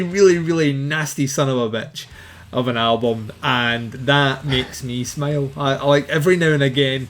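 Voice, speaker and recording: A man's voice: mid-range voice, normal speed, fairly bright tone, a little hiss or hum. Profane, enthusiastic male podcast co-host. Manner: swears freely, enthusiastic. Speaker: album review co-host. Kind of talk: casual podcast chat.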